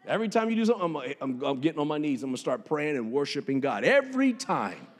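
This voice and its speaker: A man's voice: fairly high pitch, very fast, long reverb tail. A man preaching a sermon as pastor, punchy and joking, with street slang. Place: church sanctuary.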